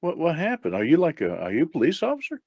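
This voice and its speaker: A man's voice: mid-range voice, lively intonation, a little fast, a little mellow, dry recording, studio quality. Man putting on a stammering meek blind man. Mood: flustered. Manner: stammering, apologetic, rustic grammar. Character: nervous blind adult man, meek and folksy.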